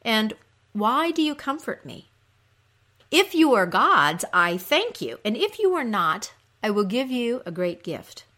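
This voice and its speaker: A wailing, imperious queen of the underworld, as a woman storyteller puts her on. Her cries come out high, loud and stretched slow. She moans every word as if in pain. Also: big pitch swings, full character voice. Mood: commanding. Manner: drawn-out moaning cries.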